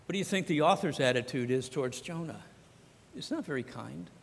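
A man's voice: a little high, lively intonation, a little fast, vocal fry, a little hiss or hum. A man preaching a sermon as pastor, talking conversationally and acting out the scripture dialogue. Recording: long hall reverb.

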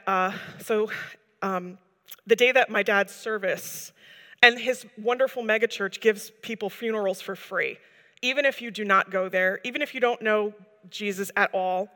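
A woman's voice: medium pitch, sharp tone, in a large hall. A woman giving a personal testimony to a gathering, telling her story earnestly and rambling with many fillers. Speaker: church member giving a testimony.

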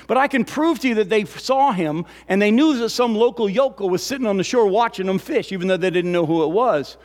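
A male pastor preaching an animated sermon, often asking the congregation questions. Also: sits high, fairly quick. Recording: long reverb of a church hall.

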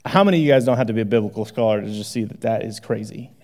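Talking very fast in a fairly low voice, this male pastor delivers his sermon conversationally and with plenty of animation. He shifts back and forth between booming exclamations and quiet asides.

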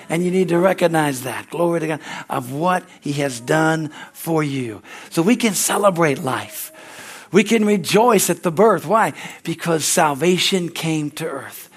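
A man preaching a fervent sermon at a church service, punctuating his lines with hallelujahs and amens. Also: on the high side. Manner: shouts excitedly when acting out a story. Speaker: pastor.

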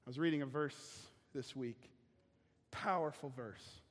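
A male pastor preaching a sermon with a personal story, animated and acting out voices and sounds. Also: mid-range voice, measured pace. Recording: church hall reverb.

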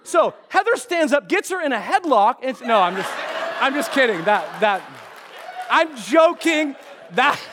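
Middle-aged pastor, man with a very high voice, playful and animated, good for a sermon opener. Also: measured pace, a crowd in the background, background noise. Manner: animated, joking storyteller.

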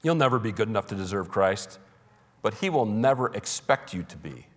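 A man's voice: lowish voice, expressive, normal speed, fairly bright tone, in a large hall. A man preaching a sermon as pastor, emphatic and conversational, with humorous asides. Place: church.

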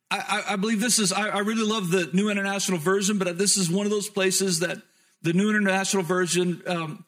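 A man with a high-pitched voice preaching a sermon. He tells the story with emphasis and sometimes drops into soft, reflective tones as he speaks to the congregation. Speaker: pastor.

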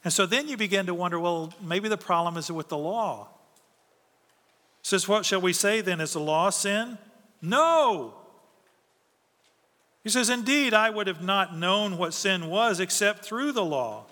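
A man's voice: high-pitched, moderate pace, pushed and bright, long reverb tail. A man preaching a sermon as pastor, earnest and emphatic, often asking rhetorical questions and answering them.

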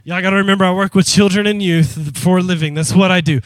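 Male pastor, high bright voice, fiery emphatic sermon delivery, dry close sound. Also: fairly even intonation, fast, no room sound. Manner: impassioned, emphatic preaching; speaks directly to the congregation. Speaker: pastor and youth worker.

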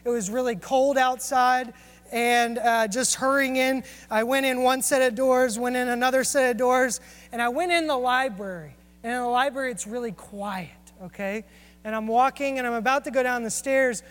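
A man's voice: very high-pitched, moderate pace, fairly bright tone, smooth. A man preaching a sermon and telling personal stories in an earnest, confessional way. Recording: long hall reverb.

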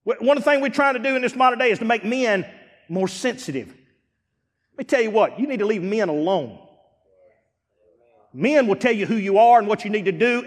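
A man preaching a sermon as pastor, dramatic, dropping to a hush and then rising to shouts. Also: high voice, big-room sound. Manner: dramatic, swings from hushed to shouting.

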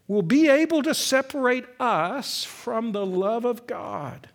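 A middle-aged man preaching a sermon, swinging from loud emphatic peaks to soft, slow passages. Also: very high voice, lively intonation. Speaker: pastor.

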